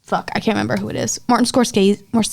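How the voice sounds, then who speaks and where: A woman's voice: medium pitch, very animated, fast talker, creaky. Blunt, opinionated woman podcast co-host. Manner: blunt, opinionated, swears freely. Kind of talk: casual chat.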